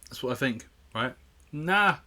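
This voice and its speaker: Man, podcast co-host, joking banter, self-mocking, bright voice, studio mic. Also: medium pitch, unhurried. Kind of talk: casual banter. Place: UK home studio. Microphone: studio mic with pop guard.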